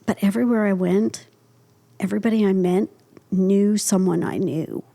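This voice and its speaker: A woman's voice: normal speed, gravelly. A middle-aged woman from Ohio, an artist and professor, telling a story in casual conversation and acting out the dialogue. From Ohio, USA. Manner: animated storyteller, acting out dialogue with pitch jumps. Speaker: artist and art professor, guest.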